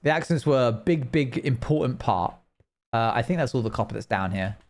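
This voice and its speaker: A man's voice: mid-range voice, lively intonation, a little fast, darkish tone. A young man chatting casually and rambling while he plays a game on a live stream, laughing now and then.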